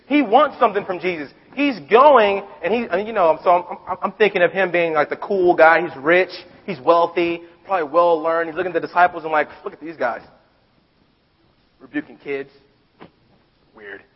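A man preaching a sermon in a conversational, animated storytelling way, stumbling and restarting often. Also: high-pitched, brisk, few pauses, husky. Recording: dull recording with long hall reverb.

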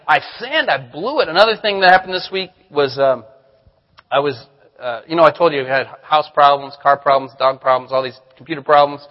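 A man's voice: a little high, bright, forceful tone, big-room sound, lo-fi sound. A male pastor giving a sermon, telling candid stories about himself with self-deprecating humor. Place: church sanctuary.

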